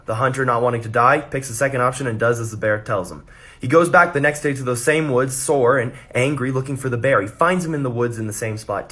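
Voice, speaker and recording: Young man telling dirty jokes deadpan. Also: medium pitch. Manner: deadpan storytelling, quick dirty punchlines. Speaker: comedy creator. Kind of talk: joke telling to camera.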